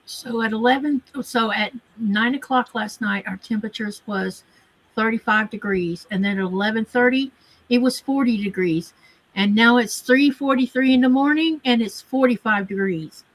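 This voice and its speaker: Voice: medium pitch, moderate pace, fairly bright tone, poor audio. A speaker in a casual chat, giving plain details and teasing a little.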